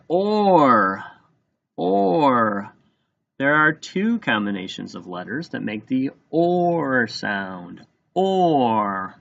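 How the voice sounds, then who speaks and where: A man teaching, dictating a spelling test and slowly sounding words out letter by letter. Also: on the low side, gravelly, a bit bright, muffled recording.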